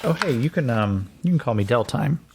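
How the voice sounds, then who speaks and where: A man voicing a nervous young male soldier who speaks haltingly, with many fillers. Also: medium pitch, lively intonation, noisy background, close to an everyday voice. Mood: uneasy. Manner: hesitant, halting, full of fillers.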